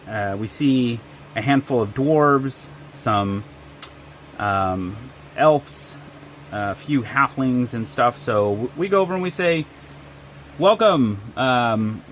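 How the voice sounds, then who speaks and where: A man's voice: medium pitch, a bit bright, slight background noise. A man narrating and running a solo tabletop game with frequent ums and uhs. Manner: hesitant, lots of ums and uhs.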